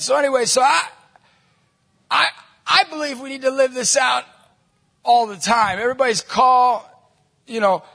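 Man, Catholic ministry leader, animated storytelling, breathy voice, long hall echo. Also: very high voice. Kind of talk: talk to a church group.

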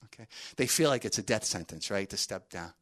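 A man's voice: on the low side, expressive, fairly quick, fairly bright tone. A man telling a story in a sermon to a group, conversational, with many fillers and asides.

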